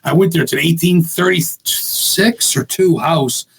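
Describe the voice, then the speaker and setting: A man from Maine, a guest ghost hunter, talking bluntly and excitedly with lots of swearing in casual podcast chat. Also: a little high, moderate pace, breathy edge. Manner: blunt, profane, rambling and excitable.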